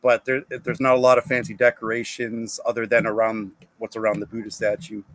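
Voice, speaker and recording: A man's voice: lowish voice, monotone, a little fast, a bit bright, no echo. A man running a tabletop game as game master, describing scenes hesitantly with many fillers.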